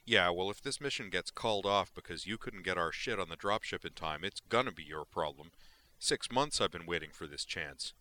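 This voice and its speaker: A short-fused mercenary squad leader, acted out by a man reading the story, barks and swears in a raised, impatient voice. The tone is deep but edged and sharp. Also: expressive, moderate pace, hardly any pauses, exaggerated voice. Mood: angry. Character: hot-tempered male mercenary squad leader.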